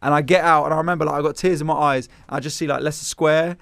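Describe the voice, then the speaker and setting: A comedian guest with a rapid-fire, gravelly, rather high voice recounts a comedy-gig anecdote in casual conversation. The sound is clean studio audio with no echo, and he animatedly acts out the voices of the people in his story.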